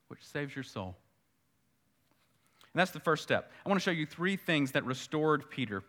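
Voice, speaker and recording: A male pastor preaching a sermon earnestly, repeating key phrases and swelling louder on his points. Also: a little high, very animated, a little slow.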